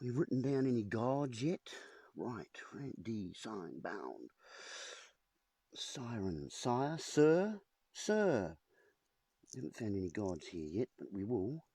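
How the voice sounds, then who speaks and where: A man's voice: lowish voice, sing-song, slow, dark tone, slightly rough, dry recording, studio quality. A man rambling to camera at home, playing with puns and calling his viewers folks. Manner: playful, punning, addresses viewers as folks. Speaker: video host. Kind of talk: rambling wordplay monologue to camera. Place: at home with a whiteboard. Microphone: camera in front of him.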